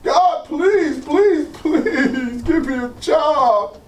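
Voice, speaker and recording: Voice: high voice, drawn-out words, echoey room, recorded from a distance. A preacher acting out a desperate man pleading with God for a job, repeating his plea. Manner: pleading, repetitive.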